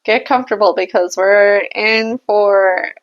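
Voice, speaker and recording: A woman's voice: mid-range voice, a little slow, lo-fi sound. A young adult woman giving a casual spiritual tarot reading, musing aloud and laughing at herself. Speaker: tarot reader and channeler.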